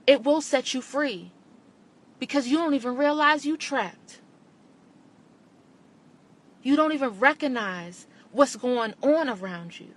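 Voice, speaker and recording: A woman's voice: sits high, a bit bright. A woman podcast host, giving an impassioned monologue and repeating lines for emphasis.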